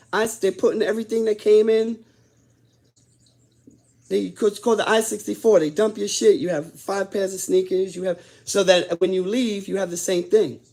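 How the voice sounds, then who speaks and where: A man with a gravelly, husky voice telling a story in blunt, profane talk. He swings between quiet, subdued stretches and loud, heated bursts as the memories come back. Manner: swings from low and subdued to loud and worked up as he relives events. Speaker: host telling his own prison stories. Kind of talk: casual storytelling.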